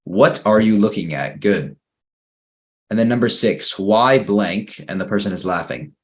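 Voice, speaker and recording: A man teaching an online English grammar lesson for children, patiently reading exercises slowly and praising each answer. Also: lowish voice.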